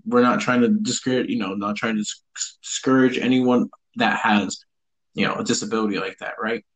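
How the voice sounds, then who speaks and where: A man's voice: on the low side, steady tone, normal speed, fairly bright tone, husky, poor audio. A young man co-hosting a casual podcast, rambling and hesitant, often restarting his sentences. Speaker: podcast co-host. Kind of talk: casual chat.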